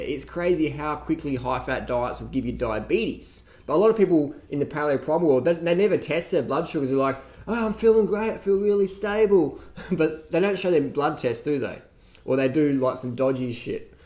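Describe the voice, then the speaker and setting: A man rants into the camera in a casual, profane way. His voice sits slightly higher than most men's, and he mocks the people he talks about with laughs and put-on voices. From Australia. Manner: profane, mocking, animated ranting with laughs. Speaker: vlogger reacting to a documentary. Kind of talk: casual rant.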